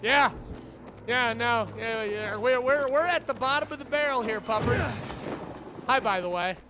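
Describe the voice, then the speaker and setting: A woman's voice: on the high side, measured pace, bright, forceful tone, slight background noise. A woman streamer giving live gameplay commentary, ranting with lots of swearing and stammered restarts. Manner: profane, exasperated ranting.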